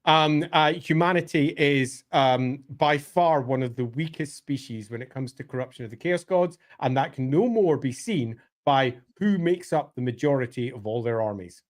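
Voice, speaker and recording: A man talking emphatically in a casual podcast discussion, his pitch swinging up and down as he makes his points. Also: moderate pace, few pauses. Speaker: co-host of a lore podcast.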